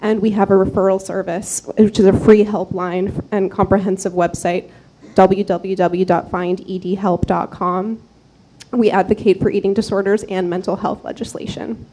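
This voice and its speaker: Soft-spoken woman with a dark tone. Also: mid-range voice, level tone, poor audio. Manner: soft-spoken, reads quickly with small fillers. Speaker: clinical psychology fellow at a nonprofit. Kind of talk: prepared public remarks. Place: city commission chamber.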